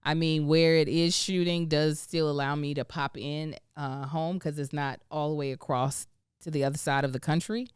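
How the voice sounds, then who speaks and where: Expressive woman podcast host, smooth voice. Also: sits low, dry recording, clean studio sound. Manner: expressive, laughs often, drawn-out emphasis. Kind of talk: casual podcast chat.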